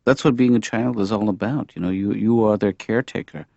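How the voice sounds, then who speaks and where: An actor playing a mild, weary middle-aged male therapist, speaking in deadpan cartoon dialogue. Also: on the low side, fairly quick, creaky, no echo. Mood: calm. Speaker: therapist and father. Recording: dull lo-fi audio with noise hiss.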